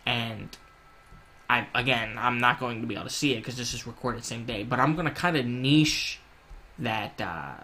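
A young man giving casual, rambling gameplay commentary at home, swearing freely and yelling in panic when things go wrong. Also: mid-range voice, normal speed, a little hiss or hum. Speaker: gaming YouTuber.

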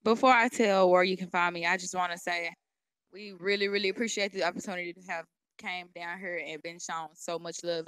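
A woman's voice: lowish voice, a bit bright, clean tone, no room sound. A woman who is a hip-hop artist, talking bluntly and with some profanity in an interview. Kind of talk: casual interview talk.

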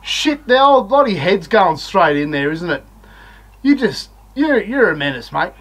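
Slow, rambling Australian bloke. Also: male voice, high voice, sing-song, a bit bright, low-quality recording. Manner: rambling, sweary, blokey banter. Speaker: beer reviewer and show host. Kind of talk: casual beer review chat.

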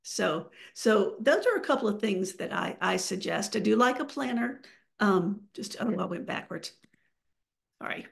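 A woman's voice: mid-range voice, lively intonation, moderate pace, gravelly. A woman giving a webinar presentation over a video call, talking with many fillers and restarts.

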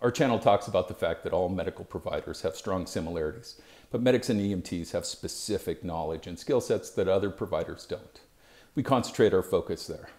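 A man giving scripted narration as an EMS educator, with a measured, even delivery. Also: deep voice.

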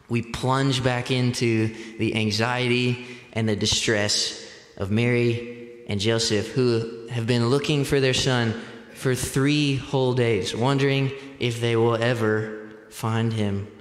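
A young man preaching a sermon as pastor, deliberate and measured, picking up speed when telling personal stories. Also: medium pitch. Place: church sanctuary. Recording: echoey church hall.

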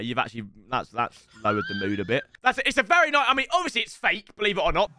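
A young man, chatting casually as he rates viewers' football game teams, swearing and breaking into loud yells. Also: on the high side, wildly swooping pitch, quick pace, few pauses, loud music behind the voice. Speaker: FIFA YouTuber rating viewer teams. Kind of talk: casual gaming commentary.

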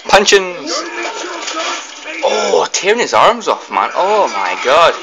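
A young man giving excitable let's play commentary, blurting reactions and mild swearing as he fights. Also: on the high side, takes it slowly, low-quality recording. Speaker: gaming commentator.

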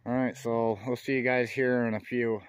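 A man narrating his workshop project in a relaxed, chatty way, talking while he works outdoors. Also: mid-range voice, normal speed, smooth, no echo. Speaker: DIY off-grid vlogger.

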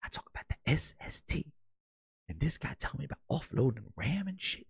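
A man doing a comic impression of a famous console architect: a low, muttering voice, indignant and swearing. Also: big pitch swings, brisk, vocal fry, breathy edge, dry recording, studio quality, exaggerated voice. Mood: grumbling. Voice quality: low, muttering, mumbled under the breath.

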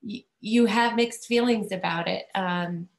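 A woman's voice: medium pitch, creaky. Woman chair on a video call, choked up, lots of ums, roomy echo. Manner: halting, many fillers, near tears. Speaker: school committee chair. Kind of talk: emotional farewell tribute at a meeting.

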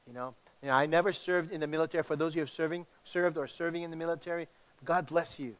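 Animated pastor preaching, fairly high voice. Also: male voice, fast. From Hawaii. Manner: animated and conversational, with many restarts. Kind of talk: sermon.

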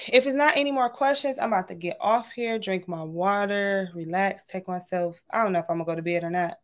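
Chatty woman hosting a livestream. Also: mid-range voice. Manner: warm, chatty, says y'all often. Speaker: livestream host. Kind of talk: casual livestream sign-off chat.

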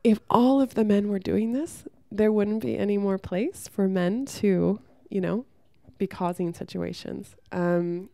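Talking frankly to camera, a young woman gives relationship advice and tells a story from her own life, swearing freely and acting out the people she quotes with lively voices. Her mid-range voice is gravelly and unhurried, recorded at studio quality with no echo.

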